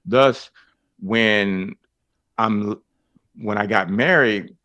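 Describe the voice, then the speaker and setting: A man shares his faith story as a guest, drawing out his words in a pushed, bright voice. He addresses the listeners as fellas and folks and acts out the dialogue with big pitch jumps. There's no echo.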